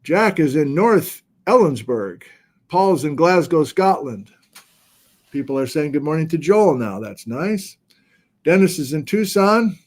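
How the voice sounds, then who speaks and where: Relaxed chatty man hosting a livestream. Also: a little high, measured pace. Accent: American. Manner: relaxed, chatty, reads viewer locations aloud. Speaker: geology lecture host. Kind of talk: casual livestream greetings.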